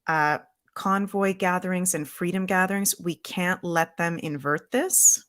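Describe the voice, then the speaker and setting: Woman, lower voice, earnest tone, slow soothing guided meditation, video call. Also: steady tone, fairly bright tone, no echo. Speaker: spiritual guest. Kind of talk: guided visualization.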